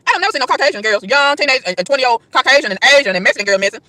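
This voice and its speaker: Woman vlogger, outdoor park rant; high, bright, rapid-fire, emphatic and repetitive preaching delivery. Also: lively intonation, dry recording. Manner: emphatic, repeats and stammers over words, rhetorical questions. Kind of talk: preachy street rant to camera.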